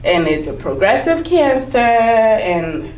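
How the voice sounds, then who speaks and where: A woman's voice: on the high side, very animated, slow, a little mellow, recorded from a distance. A woman in her thirties, an interview guest, candidly telling a hard personal story and laughing through it. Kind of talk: emotional personal testimony. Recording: echoey room, voice from off-mic.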